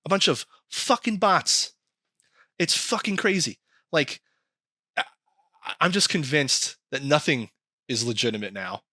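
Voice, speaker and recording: Man, podcast co-host, bright edgy voice, dry close mic, animated, swears a lot. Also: fairly high pitch, a little slow, pauses often, no echo. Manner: animated, swearing, acts out quoted comments. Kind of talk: casual podcast chat.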